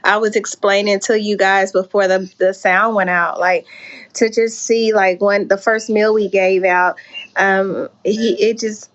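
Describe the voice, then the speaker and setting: A woman's voice: medium pitch, steady tone, a little slow, lo-fi sound. A woman hosting a casual live-stream interview, chatty and encouraging, often restarting her sentences.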